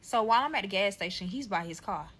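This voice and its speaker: Young woman telling a messy story time, super bright voice, cussing and acting out what ppl said, aave. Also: mid-range voice, expressive, fast talker. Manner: profane, emphatic, acts out quotes. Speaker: storyteller in a clip.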